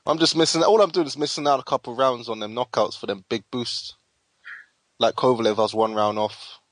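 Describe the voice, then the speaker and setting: A man's voice: medium pitch, fairly quick, fairly bright tone, no room sound. A man co-hosting a boxing podcast, teasing and laughing in casual slangy chat. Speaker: podcast co-host.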